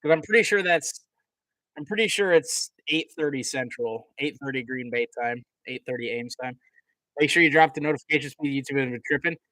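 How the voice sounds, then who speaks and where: A man's voice: mid-range voice, brisk, sharp tone, no room sound, low-quality recording. A young man doing live play-by-play commentary on a stream, chatting casually with viewers between plays. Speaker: livestream commentator.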